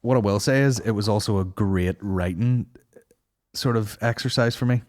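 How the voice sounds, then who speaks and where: Male podcast host, lowish voice, swears freely, lively casual banter. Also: normal speed. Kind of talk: casual chat.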